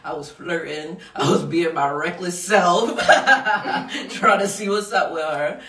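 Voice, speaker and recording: A woman hosts a podcast with a bright, forceful voice, chatting in an animated, unfiltered way and laughing between lines. She sits back from the mic in a roomy studio, with a faint hiss behind her. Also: fairly low pitch, slow, recorded from a distance. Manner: animated, laughing often, frank and profane. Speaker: podcast host. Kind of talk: casual podcast chat.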